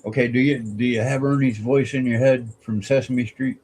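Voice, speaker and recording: Man, casual rambling chat, chuckles, warm mellow voice, outdoors at night, faint crickets. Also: mid-range voice, fairly even intonation, moderate pace, a little hiss or hum, poor audio. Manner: rambling, chuckling, laid-back. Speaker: streamer. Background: faint crickets and insects.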